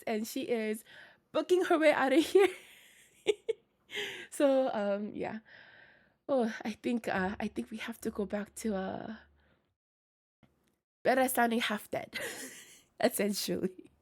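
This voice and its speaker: A young woman's voice, a little high and a little mellow, comes through as she casually chats with her livestream audience. It's scratchy and tired, and she rambles along with frequent fillers and laughs.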